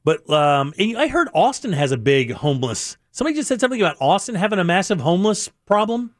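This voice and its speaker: A man's voice: high-pitched, big pitch swings, fast, no room sound. A middle-aged man hosting a radio show in a studio, chatting casually, laughing often and restarting his sentences. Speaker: radio host.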